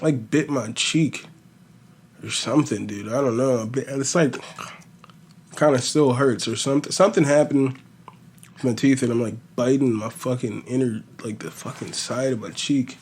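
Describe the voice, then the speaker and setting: A man with a slight lisp hosts a podcast and rambles loosely through fight picks. He swears freely and piles up filler words, and his speaking pitch sits in a middle range. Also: moderate pace, husky. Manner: profane, rambling, animated storytelling. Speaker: podcast host. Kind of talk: casual fight-prediction chat.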